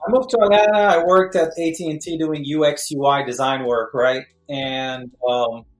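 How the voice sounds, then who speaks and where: A middle-aged man, a guest actor, telling a lively story and acting out quotes with jumps in pitch. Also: normal speed, faint music behind. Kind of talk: animated storytelling. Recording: roomy echo.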